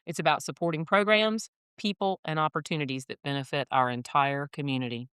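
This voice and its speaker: A woman co-hosting a school podcast, warm and reactive. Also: low voice, fairly even intonation, fairly quick, clean tone, no room sound, studio quality. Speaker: podcast co-host, admissions director.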